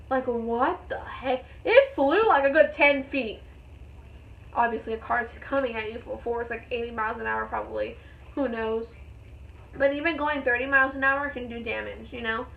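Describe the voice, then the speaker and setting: A young woman with a high voice retells a story in a casual vlog, rambling and excited, with plenty of fillers. The sound is thin and tinny, as if heard over a phone line. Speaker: vlogger.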